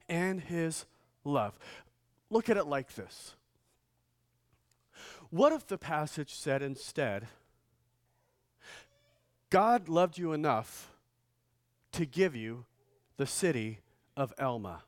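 A middle-aged man preaching from the pulpit, telling funny stories before building to loud, emphatic lines. His voice sits a little high for a man. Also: lively intonation, extremely slow, pauses often. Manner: storytelling, joking, swells loud for emphasis. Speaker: pastor. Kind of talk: sermon.

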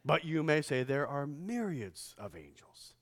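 A middle-aged man preaching from the pulpit, telling funny stories before building to loud, emphatic lines. His voice sits a little high for a man. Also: sing-song, unhurried. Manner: storytelling, joking, swells loud for emphasis. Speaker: pastor. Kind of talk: sermon.

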